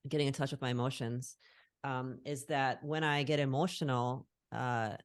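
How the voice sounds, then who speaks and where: Very deep-voiced middle-aged woman. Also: fairly even intonation, normal speed, clear, resonant tone, no room sound, clean studio sound. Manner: earnest, reflective, searching for words. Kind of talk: casual conversation on a call. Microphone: call recording.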